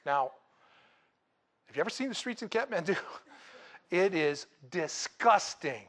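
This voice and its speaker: A male preacher tells a story from the pulpit with lots of drama. His voice sits a little high and swings from loud, excited bursts to quiet, hushed lines. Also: measured pace. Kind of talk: sermon with personal story.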